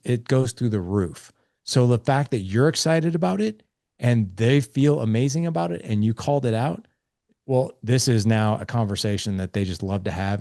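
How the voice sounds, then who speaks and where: A man in his forties giving parenting advice in an interview, energetic and acting out conversations between dad and kid. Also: medium pitch, creaky, dry recording, studio quality. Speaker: guest on a parenting show.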